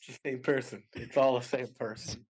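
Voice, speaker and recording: A young man co-hosting a casual podcast, joking around and doing deliberately bad celebrity impressions. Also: mid-range voice, steady tone, husky. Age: 20s. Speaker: podcast co-host. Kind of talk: casual chat.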